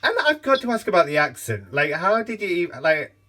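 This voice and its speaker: Male interview host: animated pitch, encouraging, slightly off-mic. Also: normal speed, far from the mic. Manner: encouraging, asks short questions, laughs along. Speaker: podcast host. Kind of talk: casual interview chat.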